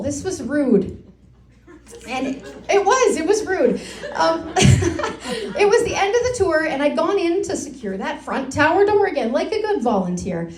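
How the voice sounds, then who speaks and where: A middle-aged woman, telling lively, self-mocking stories from her work as a lighthouse tour guide to a live audience in a brewery. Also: high-pitched. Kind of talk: live storytelling talk to a pub audience. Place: brewery event room. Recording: roomy, echoey venue sound.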